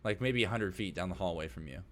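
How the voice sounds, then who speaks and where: A man's voice: low-pitched, fast, a bit bright. A man narrating as game master of a tabletop game, describing scenes loosely with many fillers.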